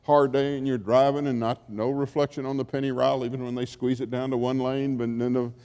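A man's voice: medium pitch, little pitch movement, brisk, warm tone, clear, resonant tone. A man preaching a sermon as a pastor, in a conversational storytelling way that acts out quotes. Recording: long hall reverb.

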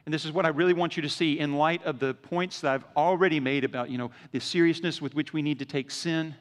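Dramatic preacher in an echoing hall. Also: male voice, fast talker. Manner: dramatic swings from loud emphasis to hushed lows; conversational, acts out quoted speech. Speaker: pastor. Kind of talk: sermon.

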